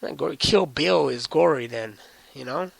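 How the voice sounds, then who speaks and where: A young man hosting his own podcast, telling a story as a profane, animated solo rant. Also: on the high side, moderate pace, vocal fry, no room sound. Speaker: podcast host.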